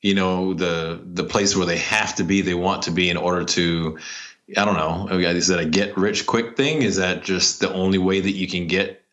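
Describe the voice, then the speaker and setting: A man with a very deep voice co-hosts a relaxed podcast, rambling through his points with animated asides. He keeps a loose, conversational flow. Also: normal speed, dull audio. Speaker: podcast co-host. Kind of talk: casual podcast chat.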